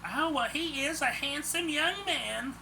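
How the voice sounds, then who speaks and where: A man voicing a sweet, gentle elderly woman. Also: very high-pitched, expressive, a little slow, gravelly, a little hiss or hum, voice pushed up, heavily acted, low-quality recording.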